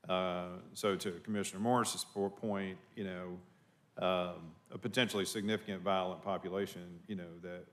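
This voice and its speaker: Man, commissioner type, deep voice, rambling and hesitant at a public meeting. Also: a bit bright. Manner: halting, many fillers and restarts. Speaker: county commissioner. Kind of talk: public board meeting discussion.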